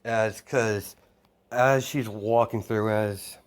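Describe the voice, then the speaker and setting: A low-voiced man talks slowly through a fan-made story. He rambles, restarts sentences and fills gaps with "you know". His delivery is casual and unhurried. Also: steady tone, smooth. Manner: rambling, full of fillers and restarts. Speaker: narrator.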